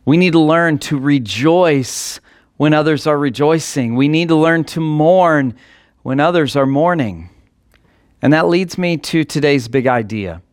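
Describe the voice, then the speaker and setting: A man's voice: a little high, a little slow, no room sound, studio quality. A male pastor preaching a sermon in an earnest way that builds to emphatic passages.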